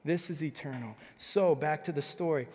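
Young male pastor, fairly high voice, passionate, loud peaks and hushed lows, long reverb. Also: normal speed, husky. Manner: passionate, swings between loud emphatic bursts and soft hushed passages. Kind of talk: sermon.

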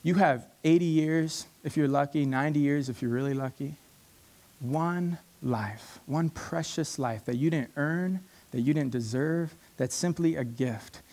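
Passionate preacher man, fairly high voice. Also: measured pace, darkish tone. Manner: passionate, emphatic, repeats key phrases. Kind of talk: sermon.

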